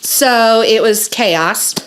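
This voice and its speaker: A middle-aged woman, telling a story in casual podcast chat, animated and swearing freely. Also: on the high side, drawn-out words. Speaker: podcast host.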